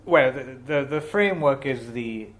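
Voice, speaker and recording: A man's voice: mid-range voice, expressive, moderate pace, fairly bright tone. Analytical man teasing his co-host. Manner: analytical, teasing, seeks agreement with "right?". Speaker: podcast co-host. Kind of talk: casual film chat.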